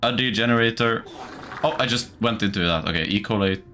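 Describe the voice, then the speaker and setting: A man streaming a game in casual commentary, excitable, swearing often and laughing a lot. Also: lowish voice, brisk, slight background noise. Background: game music.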